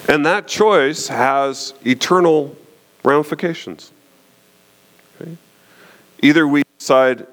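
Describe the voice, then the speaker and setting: A man's voice: a little high, slow pace, pauses often, fairly bright tone. A man preaching a sermon, explaining scripture with rhetorical questions and frequent check-ins with his listeners. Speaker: pastor.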